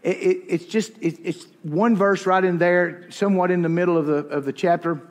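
A man's voice: high voice, steady tone, normal speed, long reverb tail. A man preaching a sermon in a church, folksy and self-deprecating, telling stories with humor. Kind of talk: sermon with personal anecdotes.

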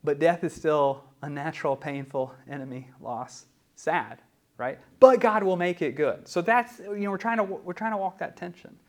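A man preaching in a conversational teaching style, often pausing with "um" and asking "right?". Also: fairly high pitch. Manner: conversational, many ums and rhetorical "right?". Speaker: pastor teaching a class. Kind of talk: teaching sermon.

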